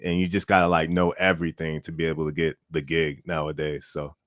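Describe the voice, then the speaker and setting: A man with a very low voice talks as a guest on a podcast. He rambles in a relaxed way and fills pauses with "uh" and "you know". The sound is close and dry. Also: dry recording. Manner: relaxed, rambling, many fillers. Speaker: musician guest. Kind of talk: casual interview chat.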